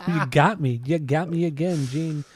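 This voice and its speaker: A man's voice: fairly high pitch, normal speed, slightly rough, no echo. A man co-hosting a podcast, bantering in a laid-back way with casual swearing. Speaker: podcast co-host.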